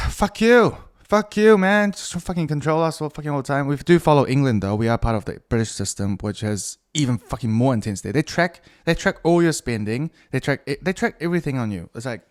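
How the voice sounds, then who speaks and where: A man's voice: medium pitch, expressive, fairly quick, darkish tone. Middle-aged male podcast host, loose and profane, talking off the cuff. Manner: profane, rambling, self-mocking. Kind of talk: casual solo podcast monologue.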